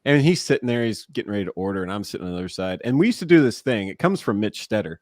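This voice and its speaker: Lively, low-voiced man telling stories. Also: racing, dry recording, studio quality. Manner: animated, laughing storyteller who acts out quotes. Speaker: former pro baseball player and broadcaster. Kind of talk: casual storytelling in a podcast interview.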